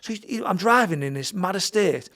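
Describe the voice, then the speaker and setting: A middle-aged man tells a story in a casual podcast chat, with a voice that sits fairly high for a man. He swears a lot and acts out what each person said. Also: lively intonation, fairly quick, fairly bright tone. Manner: swears freely, tells the story with quoted dialogue. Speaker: guest, fighter and gym owner.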